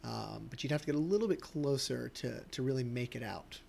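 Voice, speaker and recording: Spielleiter eines Rollenspiels, stockend, mittlere Tonhöhe. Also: male voice, mid-range voice, lively intonation, brisk, gravelly, darkish tone, slight background noise. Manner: hesitant, many ums and restarts. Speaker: game master. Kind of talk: narrating a tabletop game.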